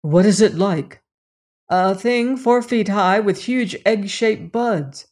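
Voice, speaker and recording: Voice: medium pitch, slow pace, darkish tone. A narrator voicing a young man, an anxious son, who asks pleading questions in an audiobook. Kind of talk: audiobook character reading.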